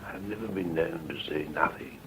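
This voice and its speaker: A medium voicing a very deep, droll gentleman spirit. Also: normal speed, creaky. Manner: droll, epigrammatic. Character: witty, drawling dead male gentleman spirit. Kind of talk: archival seance recording. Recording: noisy hissing archive tape.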